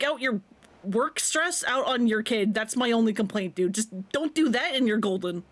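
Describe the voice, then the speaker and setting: A woman's voice: a little high, animated, normal speed. A woman streamer giving casual, rambling gameplay commentary, laughing often.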